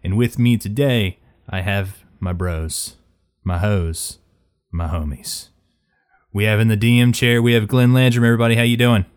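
Brief: rambling, jokey host of a game podcast, lowish smooth voice. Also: male voice, steady tone, normal speed. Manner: joking, rambling, loose. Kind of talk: casual chat.

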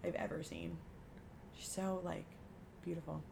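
A woman's voice: low voice, sing-song, a little slow, vocal fry, a little mellow, slight background noise. Chatty woman podcast co-host. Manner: chatty, lots of "like", acts out quotes. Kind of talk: casual chat.

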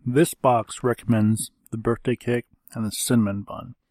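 A man co-hosting a podcast in casual chat, taking his time and teasing with a dry, drawn-out delivery. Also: medium pitch, steady tone, a little mellow, dry recording. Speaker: podcast co-host.

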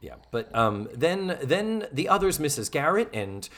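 Animated man recapping a sitcom. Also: a little high, unhurried. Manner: animated, swears freely, acts out quoted lines. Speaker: podcast co-host. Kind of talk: casual chat recapping a sitcom episode.

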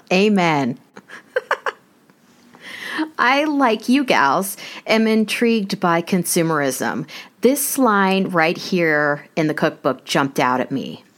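A woman hosting an interview, animated and amused, reading favorite lines from a book aloud. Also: on the low side, takes it slowly, long pauses. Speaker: interview host. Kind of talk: casual interview chat. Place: New York City home.

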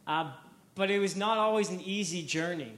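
A man's voice: sits high, moderate pace, fairly bright tone, echoey room. A man preaching a sermon, telling a story with energy, repeating words and acting out the quotes.

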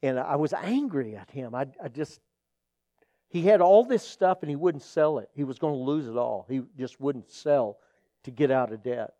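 A man's voice: mid-range voice, expressive, normal speed, dark tone, no echo. A man preaching as a pastor, telling stories earnestly and acting out the people in them. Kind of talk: sermon with personal storytelling.

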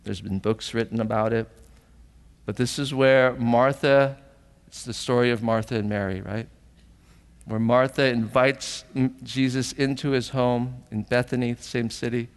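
A man's voice: medium pitch, fairly even intonation, a little slow, long reverb tail. A man preaching a sermon as pastor, earnest and emotional, often asking the congregation questions, at times tearful.

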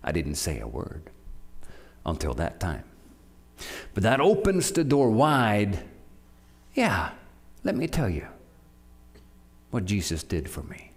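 A man from Norway preaching a sermon, urging his listeners with animated delivery and frequent restarts. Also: fairly low pitch, slow pace, pauses often.

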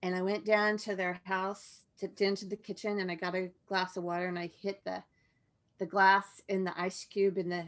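A woman guest telling a personal story in a frank, halting way, with many restarts and asides. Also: medium pitch, fairly bright tone.

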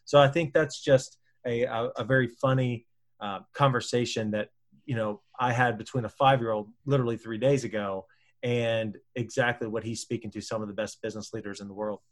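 A man in his thirties telling a story in an animated, chatty way, with fillers as he goes. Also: mid-range voice, brisk. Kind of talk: casual storytelling.

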